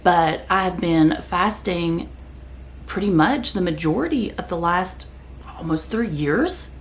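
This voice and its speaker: Woman vlogging, low gravelly voice, chatty and rambly, talks with her mouth full. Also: expressive, unhurried, slight background noise. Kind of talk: casual talk to camera.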